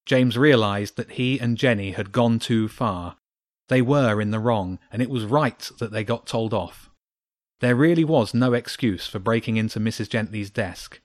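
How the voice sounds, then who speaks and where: A man narrating a children's audiobook in a steady, even storytelling manner. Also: on the low side, normal speed, no echo, clean studio sound. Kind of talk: audiobook reading.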